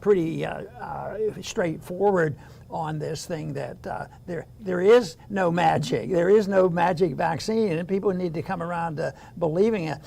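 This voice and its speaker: An older man co-hosting a casual political chat, speaking haltingly with many restarts and chuckles, his voice gravelly. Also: fairly high pitch, darkish tone. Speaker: co-host.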